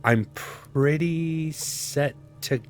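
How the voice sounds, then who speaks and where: A man's voice: on the high side, drawn-out words, soft background music. A man casually commenting on his own survival gameplay, rambling to himself with sarcastic asides. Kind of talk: casual let's-play commentary.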